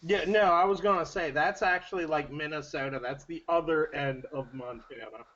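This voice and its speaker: A man's voice: a little high, normal speed, fairly bright tone. Hesitant man player, lo-fi sound. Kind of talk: casual tabletop play. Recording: dull lo-fi audio.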